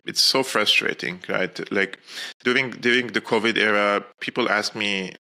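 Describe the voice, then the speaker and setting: A man from Syria, a guest in a casual interview, talking in an animated, rambling way. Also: lowish voice, moderate pace. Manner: animated, rambling, laughs at own points. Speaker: guest commentator.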